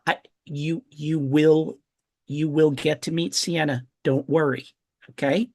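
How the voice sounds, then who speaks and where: A man playing in a tabletop game, talking slowly with many fillers and restarts. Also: on the high side, level tone, mellow. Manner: slow, halting, full of fillers. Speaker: player. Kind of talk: tabletop role-play.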